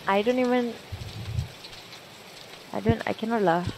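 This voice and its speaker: A woman's voice: fairly high pitch, measured pace, noisy background. A young woman, swearing and nervously chatting through a horror game. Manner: jumpy, swearing, slangy banter. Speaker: gamer.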